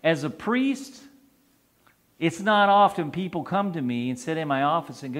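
A man's voice: fairly high pitch, animated, moderate pace, fairly bright tone. A man, a priest, preaching a conversational sermon and asking his congregation questions.

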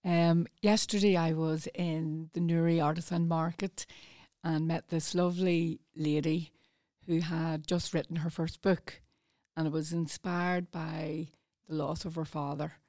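A woman reads a poem aloud with a mellow, fairly low voice. Her delivery is soft and earnest. She is recorded close on a studio microphone with a dry sound. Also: no echo. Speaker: community volunteer reading a poem. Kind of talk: reading poetry aloud.

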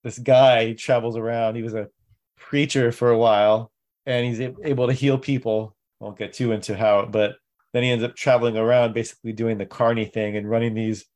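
A man co-hosting a casual podcast with an average-pitched voice. He chats in a relaxed way and laughs easily. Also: brisk. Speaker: podcast co-host. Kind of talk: casual chat.

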